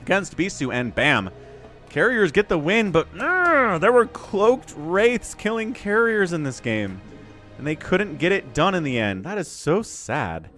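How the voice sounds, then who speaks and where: A man casts a live strategy match on his stream, excitable and chatty, laughing easily between plays. His voice sits a little high and swings widely in pitch. Faint music runs underneath. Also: unhurried. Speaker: esports caster and streamer. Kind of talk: live game commentary with chat interaction.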